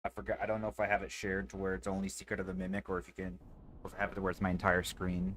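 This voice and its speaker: While streaming a horror game, a man chats casually with a co-player, stammering through fillers and restarts and muttering quick asides to himself. His voice is low and fairly bright in tone, with a completely flat delivery.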